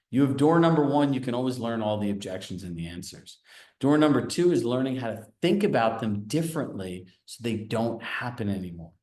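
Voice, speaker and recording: At a training session, a man with a medium-pitched voice coaches sales agents, animatedly telling stories and putting questions to the audience. The recording has a roomy echo.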